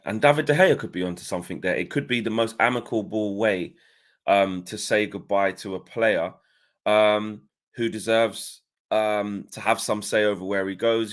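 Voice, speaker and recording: A man with a slightly low-pitched voice hosting a casual morning football podcast. He talks with quick energy, full of fillers and restarts. The delivery is loose and conversational. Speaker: host.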